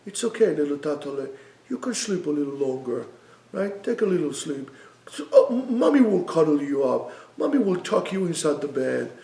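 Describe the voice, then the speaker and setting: A man voicing a soothing, coaxing mother who murmurs gently. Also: very high voice, big pitch swings, normal speed, hardly any pauses, far from the mic, voice pushed up. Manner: soft, hushed, lulling. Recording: roomy room, voice from afar.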